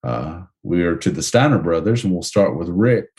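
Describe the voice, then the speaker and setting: A man hosting a casual podcast, reviewing action figures in a relaxed way with many ums. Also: deep voice, normal speed. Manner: relaxed, descriptive, hesitant with ums. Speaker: podcast host.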